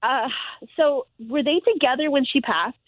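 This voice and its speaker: A woman's voice: high voice, moderate pace, no echo, narrow, tinny audio. A woman giving a psychic reading on a podcast, chatty and self-deprecating, laughing often. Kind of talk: casual podcast chat and reading.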